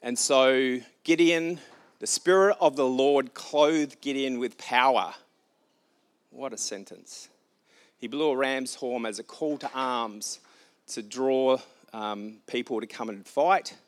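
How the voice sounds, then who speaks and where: A man's voice: mid-range voice, slow. A man preaching informally, retelling a scripture story with casual asides and light humor.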